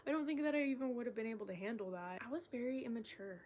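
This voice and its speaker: A young woman making a casual vlog, talking in a halting, candid way with lots of fillers and self-corrections. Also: fairly high pitch, lively intonation, a little mellow. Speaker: vlogger. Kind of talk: rambling stream-of-consciousness vlog.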